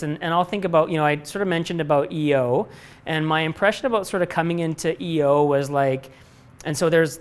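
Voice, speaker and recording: A man's voice: a little high, clean tone. A middle-aged man, a company president, answering student questions in a live talk, candid and rambling with frequent restarts and casual swearing. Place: lecture room before a live audience.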